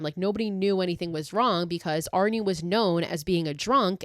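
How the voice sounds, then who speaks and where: A woman's voice: on the low side, no echo, studio quality. A young woman hosting a podcast, casually recapping a horror movie in a chatty way with lots of swearing and fillers. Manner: chatty, swears freely, uses many fillers. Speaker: podcast host.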